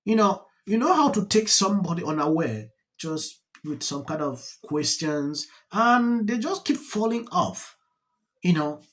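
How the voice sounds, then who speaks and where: Man, commentary host, unhurried delivery, lively pitch, reflective. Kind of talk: political commentary.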